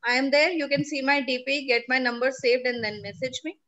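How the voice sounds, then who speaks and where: A woman's voice: sits high, fairly even intonation, brisk, highs cut off, a crowd in the background. A middle-aged woman with an Indian English accent, teaching a class and patiently questioning and coaxing her pupils to answer. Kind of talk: classroom lesson.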